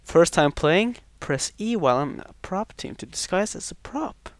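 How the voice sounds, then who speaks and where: A young man chatting over a game with a friend, laughing often and blurting out swears when excited. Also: sits high, moderate pace, dry recording. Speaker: gamer co-host. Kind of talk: casual gaming commentary.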